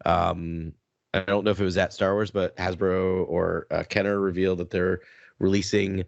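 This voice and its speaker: A man co-hosting a fan podcast in casual chat, rambling and excitable, restarting his sentences often. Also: deep voice, moderate pace, vocal fry, no echo, lo-fi sound. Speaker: podcast co-host.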